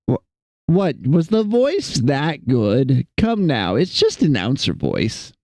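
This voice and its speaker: Young dude rambling to chat while drawing, slow talker, dry close mic, jokey. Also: male voice, medium pitch, wildly swooping pitch, a little mellow, no room sound. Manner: rambling, self-mocking, jokey. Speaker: streamer.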